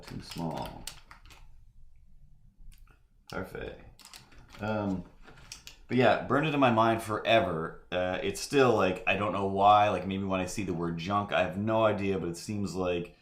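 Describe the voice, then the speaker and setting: Low-voiced man rambling while drawing. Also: slight background noise. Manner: meandering, full of fillers and asides. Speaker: livestream artist. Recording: echoey room.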